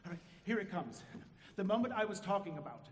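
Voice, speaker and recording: A high-voiced, rambling narrator, played by a man on a live stage, confiding in the crowd with wry asides. The sound is a big echoey theater hall heard from far off. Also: sing-song, a little fast.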